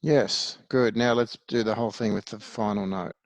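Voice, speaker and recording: A man's voice: lowish voice, steady tone, normal speed, dry recording. A man teaching a one-to-one music lesson, patiently explaining things step by step.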